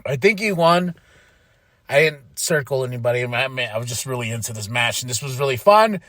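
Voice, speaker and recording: A man hosting a podcast, giving a casual, rambling recap of a show with frequent laughs and excited bursts. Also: mid-range voice, brisk, no room sound, studio quality. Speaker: podcast host.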